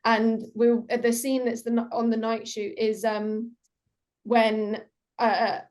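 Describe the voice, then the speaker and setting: A woman's voice: on the high side, little pitch movement, slow pace, darkish tone. A woman, an actress guest, chatting casually in an interview, telling stories with lots of fillers. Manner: giggly, chatty storytelling with many fillers.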